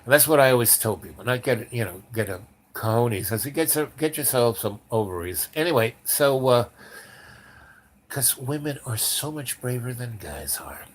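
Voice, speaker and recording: An older man in his seventies spins a long personal yarn at a middling pitch. He wanders and doubles back, full of "you know" and half-started words, shifting freely between brisk and drawn-out stretches. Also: animated. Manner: meandering, many fillers and restarts. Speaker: storyteller. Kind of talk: rambling spoken anecdote.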